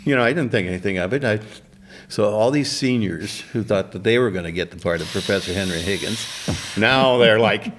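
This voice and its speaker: A man's voice: fairly low pitch, a little fast, a little hiss or hum. An older man, a community theater actor, telling stories in a casual chat and laughing often.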